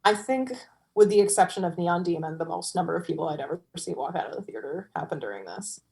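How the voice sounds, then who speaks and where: A woman's voice: fairly low pitch, expressive, quick pace, gravelly, darkish tone. A woman film critic appearing as a podcast guest, chatting casually and using "like" a lot. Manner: chatty, lots of "like".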